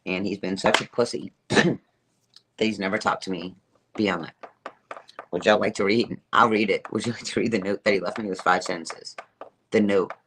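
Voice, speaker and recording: A woman's voice: extremely low pitch, steady tone, moderate pace, pauses often, background noise. A middle-aged woman telling a personal story to her live chat, emphatic, repetitive and profane, laughing as she goes. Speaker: livestreamer.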